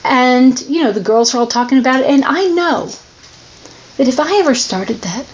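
A woman's voice: high voice, normal speed, highs cut off. A woman giving an earnest, emotionally open personal testimony in a candid, confessional way. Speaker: person sharing her struggles.

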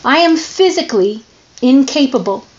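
A woman's voice: sits high, expressive, moderate pace, darkish tone, highs cut off. A woman giving an earnest, emotionally open personal testimony in a candid, confessional way. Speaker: person sharing her struggles.

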